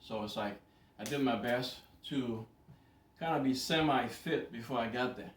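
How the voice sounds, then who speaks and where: A man telling a story in a casual, animated way to a camera, repeating words for emphasis. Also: medium pitch, normal speed. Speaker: vlogger. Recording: roomy, distant from mic.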